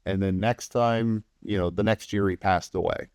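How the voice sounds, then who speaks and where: A man guesting on a podcast who tells stories in a relaxed, animated way, acts out what other people said, and swears casually. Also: low voice, normal speed, clear, resonant tone, dry recording, studio quality. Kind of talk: casual anecdotal storytelling.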